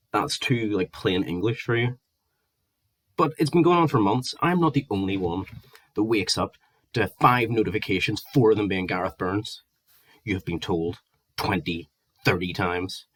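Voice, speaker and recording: A man's voice: sits low, fairly bright tone. A Northern Irish man in his twenties, ranting angrily and swearing at length in a vlog. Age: 20s. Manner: heated, sweary, exasperated ranting. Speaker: vlogger. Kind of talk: angry ranting monologue.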